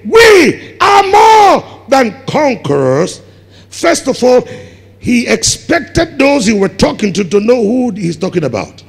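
A Ghanaian man preaching a sermon as pastor, building up to shouted emphasis on key words. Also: sits high, creaky, husky. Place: large church hall. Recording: long hall reverb.

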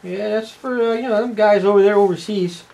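A man's voice: high voice, steady tone, brisk, gravelly, darkish tone, a little hiss or hum. A man with a Canadian accent giving casual, rambling unboxing commentary, tagging his lines with "eh" and plenty of "uh". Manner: folksy, rambling, tags lines with "eh". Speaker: toy unboxing presenter.

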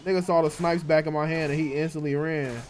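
A young man in his twenties streaming a shooter game, trash-talking his opponents with excitable outbursts and chanting the same catchphrase over and over. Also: fairly high pitch, fast, slight background noise. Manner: excitable trash talk with loud repeated chants. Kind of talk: live gameplay commentary.

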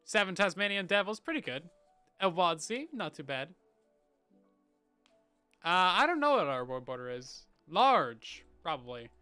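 A man's voice: high voice, sing-song, a little slow, pauses often, pushed and bright, clear, resonant tone, soft background music. A man chatting casually as a game streamer, muttering to himself, humming while he builds and thanking viewers from the chat, on a headset mic. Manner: mutters to himself, hums and reads out chat names.

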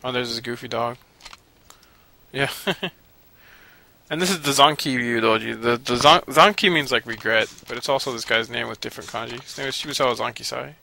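A man's voice: medium pitch, brisk, gravelly, pushed and bright. A man giving rambling, casual commentary while playing a video game, cranky and profane and often laughing. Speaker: let's play commentator.

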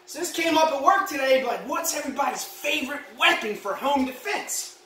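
A woman playing a boastful, rambling male ex-Marine patriot dad in a comedy monologue, shouting one moment and muttering the next. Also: lively intonation, fairly quick. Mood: blustering. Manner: boastful, rambling, shouts then drops low. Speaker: comedy vlogger. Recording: roomy echo, mic at a distance.

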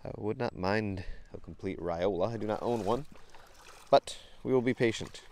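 A man's voice: lowish voice, normal speed, darkish tone, a little hiss or hum. A man, vlogging outdoors as he wades a creek, talking casually to a handheld camera, easily delighted and laughing often. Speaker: vlogger bottle hunting in a creek.

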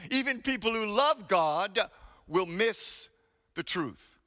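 A man's voice: high voice, lively intonation, slow pace, sharp tone, big-room sound. A male pastor preaching a sermon, dramatic and emphatic, telling stories to make his point.

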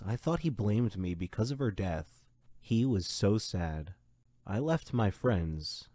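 Mellow low-voiced man narrating a story. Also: no echo. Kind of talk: scripted first-person story narration.

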